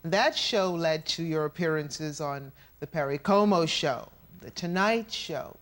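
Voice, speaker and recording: A woman's voice: deep voice, unhurried. A woman interviewing a guest on stage, asking questions and prompting her with short affirmations. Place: stage before a live audience.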